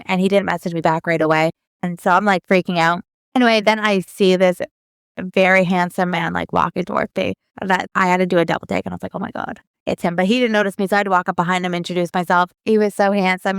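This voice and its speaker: A woman's voice: mid-range voice, smooth, dry recording, studio quality. A woman, co-hosting a podcast and telling a long personal story in a chatty way full of fillers. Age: 30s. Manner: chatty, lots of fillers, quotes people in her story. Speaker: podcast co-host. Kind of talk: casual storytelling.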